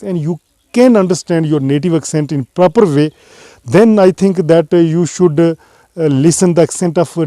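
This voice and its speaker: A man giving a casual lesson, halting often with "uh" as he explains. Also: on the high side, dark tone, dry recording. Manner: halting, frequent "uh" fillers, earnest explaining. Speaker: English teacher.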